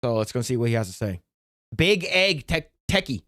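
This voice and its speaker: A male streamer reacting to videos live, excitable and foul-mouthed, often stumbling over and restarting his words. His voice sits at a middle pitch. It sounds dry and close, with no room echo. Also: moderate pace.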